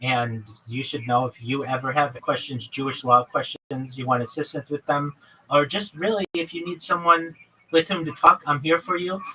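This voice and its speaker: A man with a bright, slightly high voice, hosting a livestream and earnestly rattling off long lists of plans. He sounds set back from the mic, with a faint hiss of noise behind him. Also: fairly even intonation, moderate pace, recorded from a distance, poor audio. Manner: earnest, lists many topics in long runs. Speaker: livestream host. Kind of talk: livestream chat with a caller.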